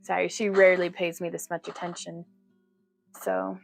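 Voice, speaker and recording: A woman's voice: fairly low pitch, flat delivery, normal speed, gravelly, dry recording, faint music behind. A woman hosting a casual jewelry-making livestream from her home craft room, chatting with viewers, laughing often and cooing at her cat.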